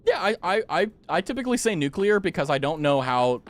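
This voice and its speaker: With a high-pitched, sing-song voice and brisk delivery, a young streamer gives casual gaming commentary, playfully chatting with his audience and responding to chat.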